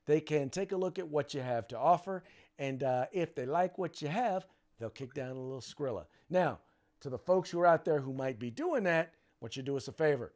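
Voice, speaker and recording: A man's voice: on the high side, lively intonation, fairly quick, a little mellow. A man hosting a casual political podcast, speaking emphatically and often restarting phrases. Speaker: podcast host.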